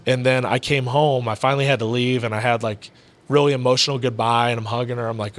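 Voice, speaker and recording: This man, a combat sports announcer, talks fast in a steady, mid-range voice with a fairly bright tone. As a podcast guest in the indoor VR arcade he owns, he tells a heartfelt story in loose, rambling fashion, saying "you know" and "bro" constantly.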